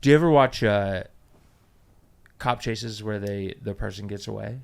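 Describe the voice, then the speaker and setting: A man's voice: fairly low pitch, unhurried, vocal fry, clear, resonant tone. A man, a comedian guest on a podcast, making crude jokes in casual chat. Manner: crude, joking.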